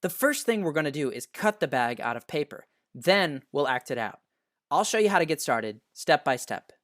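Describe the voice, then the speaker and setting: A science teacher narrating a scripted lesson in a patient, explanatory way, slowing down to stress key words. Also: medium pitch, very animated, a bit bright.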